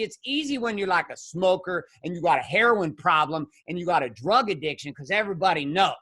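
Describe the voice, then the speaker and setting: A man speaking as a podcast guest and men's coach, blunt and profane, swinging between shouted outbursts and low, intense stretches. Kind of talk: impassioned conversational monologue.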